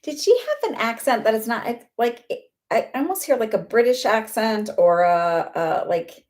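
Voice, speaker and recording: Chatty woman psychic medium, halting. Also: on the high side, animated, darkish tone. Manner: chatty, halting, lots of fillers and laughs. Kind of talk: live-streamed reading.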